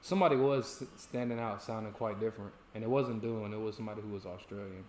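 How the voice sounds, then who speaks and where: An American man co-hosts a casual chat, talking quickly in a mid-pitched voice. He keeps it relaxed, with short agreeing replies. The recording has an echoey room and a faint hum of noise. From United States. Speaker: co-host. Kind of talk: casual chat on a watch-along stream.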